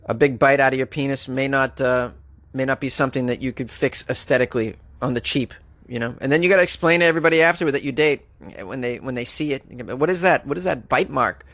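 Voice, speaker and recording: A man's voice: fast talker, a bit bright, no echo. Male podcast host, comedian, mid-range voice, wry riffing delivery, dry close mic. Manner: wry, joking asides with sudden pitch jumps. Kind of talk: comedic news commentary.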